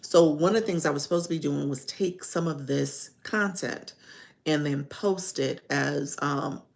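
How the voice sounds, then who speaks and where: A woman's voice: low voice, a little slow, gravelly. A woman with a Chicago accent, a live-streaming coach talking casually and chattily, often laughing as she rambles. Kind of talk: casual livestream talk.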